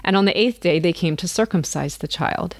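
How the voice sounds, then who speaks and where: A woman reads scripture aloud, unhurried and earnest. Her voice sits low, and the recording is dry and close with no room sound. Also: no echo. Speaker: vlogger.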